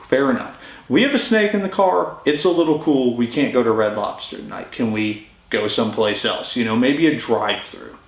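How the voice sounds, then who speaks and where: A man's voice: mid-range voice, normal speed, gravelly. Chatty man telling a story in a roomy space. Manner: informal, chatty, lively retelling. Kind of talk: casual story-time narration. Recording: roomy echo.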